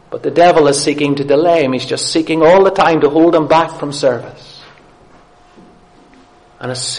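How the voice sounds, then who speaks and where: A man preaching a sermon in an earnest way, asking his listeners questions and repeating key phrases for emphasis. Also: on the high side.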